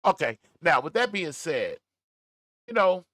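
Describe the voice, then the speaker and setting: A middle-aged man hosting a casual livestream, reading chat comments aloud with laughter and drawn-out emphasis. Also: fairly high pitch, big pitch swings, sharp tone, no room sound, clean studio sound. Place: at home, smoking a cigar.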